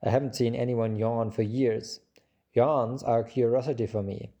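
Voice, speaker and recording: Pompous old king, loud and commanding, gravelly and dark in tone, as a male narrator puts him on. Audiobook character. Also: steady tone, normal speed, lo-fi sound, natural voice. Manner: booming, regal, commanding.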